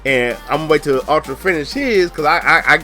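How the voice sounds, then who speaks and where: An excitable man with a fairly high, very lively voice hosts a casual show review. He bursts in, stumbles over repeated words and keeps interjecting. Faint music plays underneath him. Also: quick pace. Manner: excitable, stammers and repeats words when jumping in. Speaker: channel host reviewing a show.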